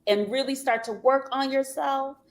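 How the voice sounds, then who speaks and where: A woman's voice: high voice, fairly even intonation, normal speed. A woman hosting a panel talk, speaking frankly and loosely and swearing in passing. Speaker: host. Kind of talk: casual panel discussion.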